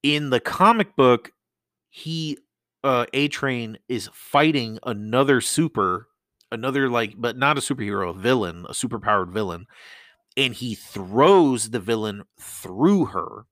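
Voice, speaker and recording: A man's voice: mid-range voice, animated, unhurried, a bit bright, no echo. A man hosting a casual solo podcast, rambling and swearing as he talks into a close mic. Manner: rambling, profane, laughs often. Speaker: podcast host.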